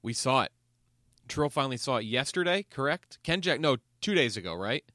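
Animated man hosting a podcast. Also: mid-range voice, fairly quick, no echo, clean studio sound. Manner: animated, steers the talk, swears casually. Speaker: podcast host. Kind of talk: casual podcast chat.

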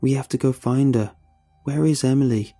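Man voicing an eerie possessed young man, dead-faced, repetitive, dark, husky. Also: medium pitch, moderate pace, soft background music, voice pushed up, natural voice.

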